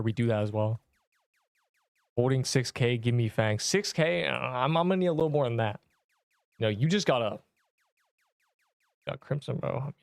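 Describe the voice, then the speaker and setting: With a medium-pitched voice and no room sound, a man live-streams a game, bantering playfully with his viewers, reacting to chat and poking fun at himself.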